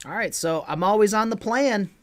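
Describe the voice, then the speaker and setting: A man's voice: high voice, moderate pace, faint music behind. A man casually commenting on his own online card game as a streamer, joking with chat and swearing freely.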